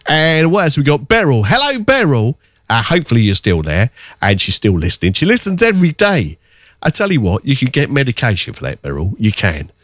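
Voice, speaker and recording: A man presenting a radio show, chatting casually and sending shout-outs with a cheeky, teasing, self-mocking manner. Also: medium pitch, huge pitch swings, brisk, dry recording, studio quality.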